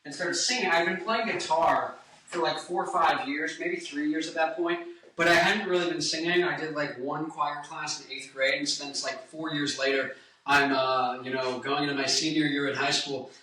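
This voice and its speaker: A man's voice: a little high, fairly even intonation, moderate pace, sharp tone, far from the mic. A man in his twenties, a singer and guitarist, chatting to camera in a rambling, self-interrupting, joking way. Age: 20s. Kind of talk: casual chat to camera. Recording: echoey room, away from mic, faint music.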